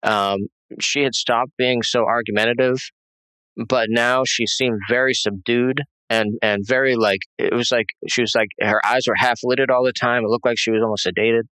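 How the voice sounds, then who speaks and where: A man giving a halting, rambling personal testimony as an interview guest, full of fillers and restarts. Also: medium pitch, fairly even intonation, bright, forceful tone, clean tone, no echo, poor audio.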